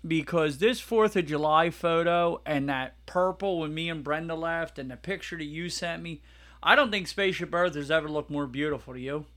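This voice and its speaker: Excitable podcast co-host, slightly high-pitched man, rambling and loose. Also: normal speed. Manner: excitable, laughs loudly, rambling. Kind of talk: casual chat.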